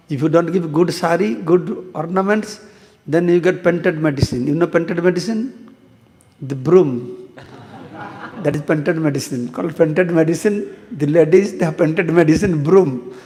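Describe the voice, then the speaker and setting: A man's voice: fairly high pitch, a little slow, darkish tone, big-room sound. A man, a monk, teaching a scripture class who tells stories, asks the audience questions and chants verses. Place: temple hall.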